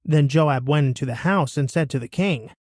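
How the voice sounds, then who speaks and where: A man reading a Bible passage aloud in a steady, expressive way. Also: on the high side, normal speed, no room sound, studio quality. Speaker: scripture reader.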